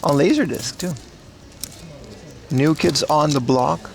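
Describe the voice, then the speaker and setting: A man's voice: on the high side, slow, vocal fry. A man streaming live while browsing a secondhand electronics shop indoors, rambling and cracking jokes to his chat on a mobile rig. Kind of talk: casual IRL livestream commentary.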